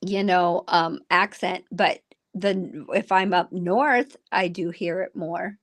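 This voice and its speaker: A middle-aged woman with a Minnesotan accent, chatting casually as a voice actor on a video call, chatty and quick to laugh. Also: fairly low pitch. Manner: chatty, laughs often, puts on voices when quoting. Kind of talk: casual chat.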